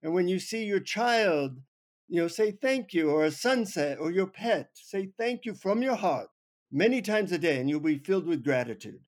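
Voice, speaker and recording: A man's voice: sits high, lively intonation, normal speed, voice pushed up. A man voicing a stern male guru with an Indian accent in a spoken story. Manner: stern, solemn pronouncements.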